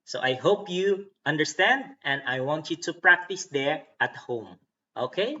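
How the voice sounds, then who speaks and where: A man's voice: a little high, animated, a little slow, sharp tone, recorded from a distance. A man teaching an English lesson, patiently modeling word stress and checking in with "okay?" and "no?". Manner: patient, repeats words to model stress, tags lines with "okay?" and "no?". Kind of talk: recorded online English lesson. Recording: dull lo-fi sound from away from the mic.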